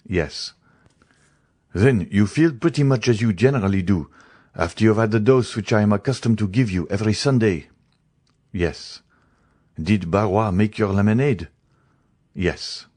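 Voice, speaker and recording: A man voicing an urgent, brisk male doctor who questions and commands in an audiobook. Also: on the low side, a little mellow, no echo, clean studio sound.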